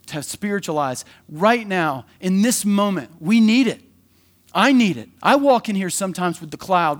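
Male pastor, high-pitched, casual and energetic preaching style. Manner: energetic, conversational preaching with quick acted asides. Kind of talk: sermon.

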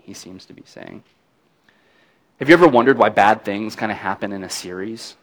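A man's voice: fairly low pitch, normal speed, long pauses. A middle-aged man preaching a sermon in a conversational, folksy way, with easy laughs between points. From not from Alabama. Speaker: pastor.

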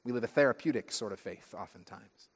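A man preaching a sermon as pastor, telling stories with lively, acted-out asides. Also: medium pitch, a little fast, husky. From United States. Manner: animated storytelling, acting out friends' voices. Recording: long hall reverb.

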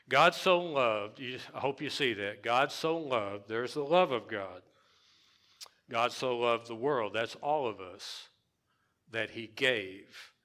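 A man's voice: mid-range voice, pushed and bright. A man pastor preaching a conversational sermon, with fillers and repeated words for emphasis.

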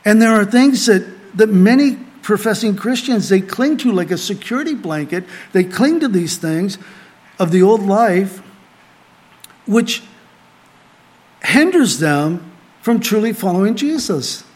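Male pastor, middle-aged, slightly high voice, earnest sermon delivery with emphatic rises and hushed asides. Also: lively intonation, measured pace. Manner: earnest preaching, rising emphatic then dropping to quiet asides. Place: small group gathering.

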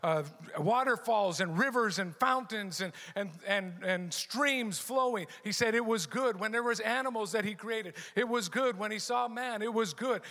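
A man's voice: high voice, normal speed, few pauses, pushed and bright. A middle-aged man preaching a sermon as pastor, emphatic and repeating his key phrases. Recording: long hall reverb.

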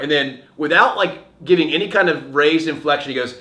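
A man's voice: on the high side, fairly quick. A man co-hosting a casual movie podcast, retelling scenes and acting out the quotes. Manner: animated storyteller, acts out quotes. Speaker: podcast co-host. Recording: echoey room.

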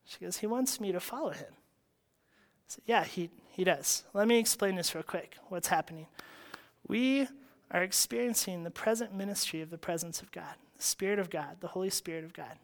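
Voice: mid-range voice, fairly quick, creaky. A house church leader telling a personal faith story, acting out the dialogue and laughing often.

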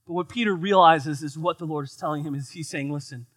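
Male pastor from the United States, high, bright voice, animated and joking, dry close sound. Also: quick pace, no room sound. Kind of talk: sermon.

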